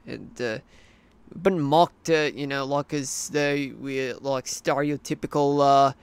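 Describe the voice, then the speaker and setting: A man's voice: mid-range voice, fairly even intonation, takes it slowly, clean tone. A man voicing a rambling adult male cartoon interviewee with an Australian accent, full of fillers and restarts, in a hobby cartoon.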